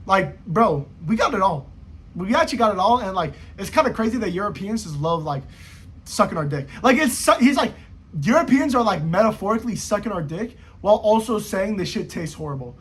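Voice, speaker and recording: Husky, high-voiced guy ranting. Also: very animated, brisk. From United States. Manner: rambling, slangy, profane, jumpy pitch swings. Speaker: football vlogger. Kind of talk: casual rant to camera.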